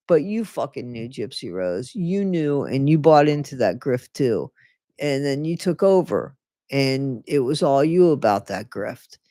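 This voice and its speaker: Swearing freely, this livestream host delivers blunt, scornful commentary in a casual, plain style, chatting to viewers in the gaps. The mid-pitched voice sounds a little mellow, captured up close with no room sound.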